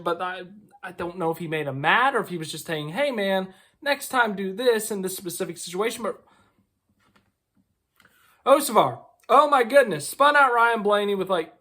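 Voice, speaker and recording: A man's voice: high-pitched, pushed and bright. A man giving casual, opinionated racing commentary to camera, talking in a loose conversational way with asides.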